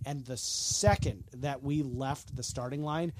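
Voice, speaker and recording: A man's voice: medium pitch, steady tone, a little slow, a little hiss or hum. A middle-aged man co-hosting a podcast, telling stories in a rambling casual chat full of fillers and restarts. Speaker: podcast co-host.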